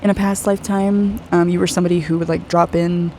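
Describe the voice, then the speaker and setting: An aura reader giving a personal spiritual reading to one client, gushing and effusive, soft and earnest, often saying "like". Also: medium pitch, little pitch movement, quick pace, a little hiss or hum, poor audio. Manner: gushing and effusive, heavy use of "like".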